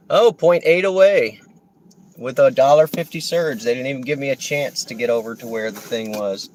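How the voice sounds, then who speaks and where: A man's voice: mid-range voice, animated, normal speed. Chatty man in a noisy car. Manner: chatty, talking to viewers while driving. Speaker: rideshare driver streaming. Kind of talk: casual live-stream chat.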